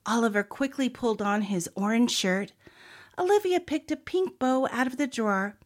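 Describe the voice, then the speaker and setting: A woman narrating a children's storybook in a gentle, inviting manner. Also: fairly high pitch, animated, moderate pace.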